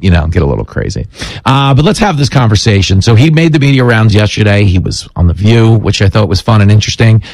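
Man, radio host, comedic banter, lively pitch, dry close mic. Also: dry recording. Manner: joking, animated, jumps into playful bits. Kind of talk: casual comedic chat.

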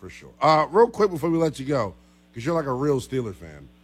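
A man's voice: mid-range voice, very animated, a little fast, breathy edge. A young man hosting a sports talk radio show, chatty and joking with callers. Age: young adult.

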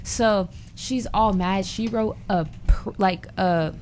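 A woman's voice: medium pitch, slow pace, a little mellow, slight background noise. A young woman telling a story in a rambling way, full of likes, during a casual chat.

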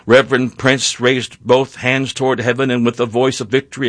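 A man's voice: mid-range voice, little pitch movement, fairly bright tone, dry recording. Earnest man narrating history, dry sound. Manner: measured, earnest storytelling with small slips.

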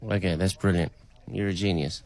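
A man's voice: low voice, fairly even intonation, normal speed, a little mellow. A man calling an AI voice agent and testing it with playful, probing questions. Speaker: caller testing an AI.

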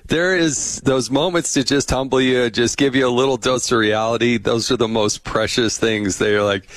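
A man's voice: mid-range voice, steady tone, moderate pace, a bit bright, no echo. A man hosting a podcast, chatting casually and effusively with his guest and telling humorous anecdotes. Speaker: podcast host. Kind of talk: casual interview chat.

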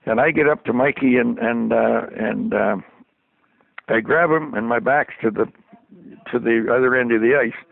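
A man's voice: medium pitch, moderate pace, vocal fry, dry recording. An older man, a former hockey trainer, telling folksy stories with frequent chuckles in an interview. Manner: chuckling, folksy anecdotal storytelling. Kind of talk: storytelling interview. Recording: dry tinny phone line.

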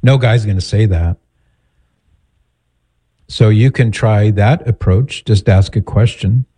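A man hosting an advice show, calmly and directly counselling a caller. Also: lowish voice, slow, slightly rough. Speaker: host giving advice to a caller. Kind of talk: advice call-in talk.

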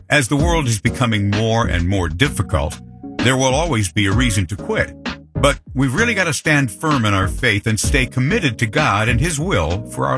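A man, a radio announcer, reading a scripted promo and introduction in an earnest way. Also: mid-range voice. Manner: smooth, earnest read. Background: music.

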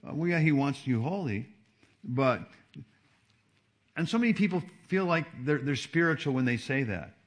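A man preaching a sermon as a pastor, with animated delivery that swings between soft asides and emphatic peaks. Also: fairly high pitch, normal speed, long pauses. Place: church service.

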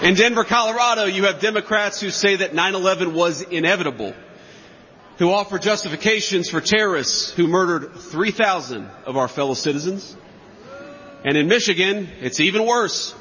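A man's voice: high-pitched, normal speed, sharp tone, a little hiss or hum. A man giving a campaign rally speech in a large hall, emphatic and mocking with sarcastic asides. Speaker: political speaker. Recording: lo-fi, long hall reverb.

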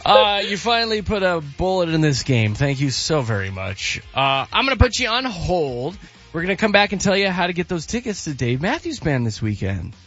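Lively joking radio host man. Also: high-pitched, normal speed. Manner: joking, teasing callers. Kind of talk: radio phone-in game. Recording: muffled radio broadcast with music.

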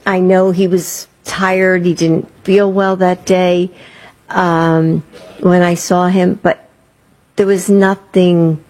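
A woman answering in an interview clip, hesitant and halting, with many ums. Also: lowish voice, level tone, a little mellow.

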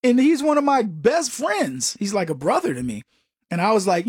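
A man hosting a talk radio show, telling personal stories and giving opinions in a rambling, animated way. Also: high voice, moderate pace, breathy edge, dry recording. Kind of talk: casual talk radio monologue.

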